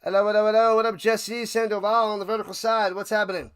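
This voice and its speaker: A man hosting a live watch party, calling plays casually and chatting with viewers, bursting into loud hype on big plays. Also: sits high, level tone, fast talker, clear, resonant tone. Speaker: watch party play-by-play host. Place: home room, his man cave.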